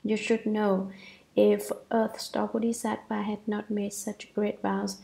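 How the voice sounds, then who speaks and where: A woman reading a translated scripture commentary aloud, measured and earnest. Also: medium pitch, little pitch movement, vocal fry, dark tone, low-quality recording. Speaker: dharma lecture reader.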